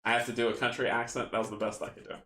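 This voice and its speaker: A man's voice: medium pitch, flat delivery, racing, bright, forceful tone. A man hosting a card game stream, reading rules aloud and chatting with viewers in a casual, self-mocking way. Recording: roomy echo with faint background noise.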